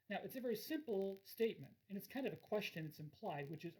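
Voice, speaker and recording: Husky-voiced man giving a lecture. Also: high-pitched, lively intonation, fast, hardly any pauses, darkish tone, poor audio. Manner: explains with everyday examples, acts out quoted lines. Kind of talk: recorded course lecture.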